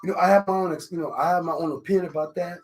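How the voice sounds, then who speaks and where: Rambling African radio host, French accent. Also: male voice, high-pitched, steady tone, rapid-fire. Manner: rambling, constant "you know what I'm saying" fillers; confident, jokey. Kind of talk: casual live radio talk. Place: radio studio. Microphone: studio microphone.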